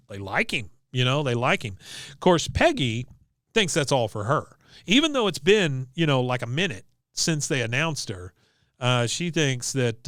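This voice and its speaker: Smooth-voiced man recapping a show. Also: mid-range voice, no echo, clean studio sound. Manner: animated storyteller, acts out quotes, frequent "uh". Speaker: podcast co-host recapping episodes. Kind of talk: casual recap chat. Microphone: desk mic on video podcast.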